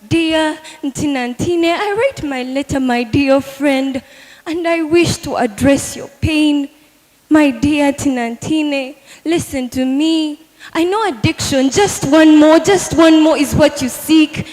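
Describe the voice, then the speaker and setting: A woman's voice: sits high, a little mellow. A teenage girl performing an earnest spoken word poem at a live competition, speaking straight to a friend. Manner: earnest, addressing a friend directly in verse. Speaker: student poet. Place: large hall at a live competition. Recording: echoey hall with long reverb.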